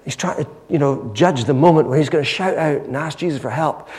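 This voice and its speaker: A man preaching a sermon, retelling a story with lively, dramatic storytelling. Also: fairly high pitch, brisk, big-room sound. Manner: animated storytelling, acting out the scene.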